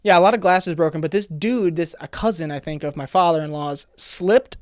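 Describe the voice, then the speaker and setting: A man's voice: on the high side, brisk, no echo, clean studio sound. A man co-hosting a podcast, telling stories in a laid-back, casual way and swearing freely. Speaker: podcast co-host. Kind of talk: casual chat.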